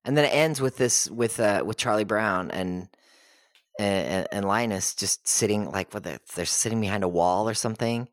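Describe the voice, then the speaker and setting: Lower-voiced man in animated chat. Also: moderate pace, dry recording, studio quality. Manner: animated storytelling, acts out characters' lines. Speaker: podcast host. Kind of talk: casual chat.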